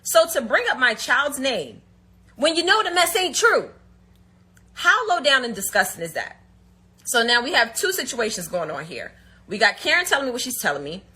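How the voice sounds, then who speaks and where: Woman, livestream rant, indignant, storytelling, fairly high, husky. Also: very animated, normal speed, pushed and bright. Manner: indignant, storytelling with quoted dialogue. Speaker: reality TV personality. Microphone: phone livestream.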